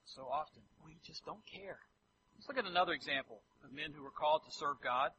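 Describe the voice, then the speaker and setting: A man preaching a sermon, animated and acting out scripture quotes in different voices. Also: on the high side, a little fast, muffled recording, a little hiss or hum.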